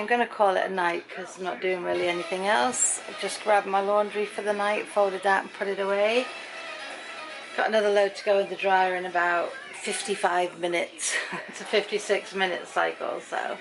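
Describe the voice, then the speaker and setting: A woman's voice: mid-range voice, fairly even intonation, moderate pace, gravelly, music in the background, rough recording. A middle-aged woman chatting at home in a rambling vlog, acting out the people she quotes. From Britain. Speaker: vlogger.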